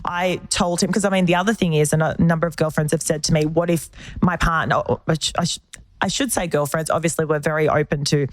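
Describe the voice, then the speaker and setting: A woman in her thirties, a podcast host, telling a personal story in casual chat and acting out the quoted lines with big jumps in pitch. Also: fairly even intonation, fast talker.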